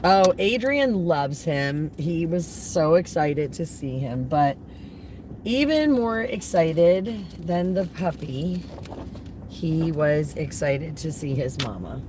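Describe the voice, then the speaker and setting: A middle-aged woman hosting a casual live stream from inside her car, chatting and slipping into high baby talk for her dog. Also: animated, takes it slowly. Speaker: livestream host. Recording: distant mic with loud car noise.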